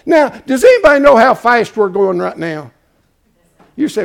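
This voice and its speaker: A man preaching a folksy sermon, swinging from hushed asides to shouting. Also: very high voice, very animated, normal speed, vocal fry.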